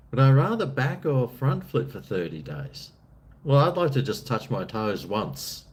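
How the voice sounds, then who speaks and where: Australian bloke live-streaming, easygoing rambling banter, voice swings up and down a lot. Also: male voice, mid-range voice, very animated, measured pace. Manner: laid-back, rambling, jokey. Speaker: live streamer reading chat. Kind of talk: casual live-stream chat.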